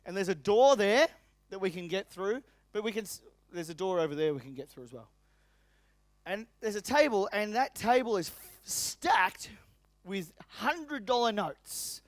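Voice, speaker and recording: A middle-aged male business coach works the room with energetic, emphatic talk, firing questions straight at the audience. His voice sits high for a man and comes through dry and close, with no room echo. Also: a little slow. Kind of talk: motivational seminar talk. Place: seminar venue.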